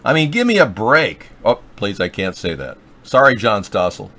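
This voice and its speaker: A man's voice: lowish voice, very animated, moderate pace, fairly bright tone. Sarcastic male livestream host. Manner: sarcastic, joking, rambling. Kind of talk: rambling political livestream chat.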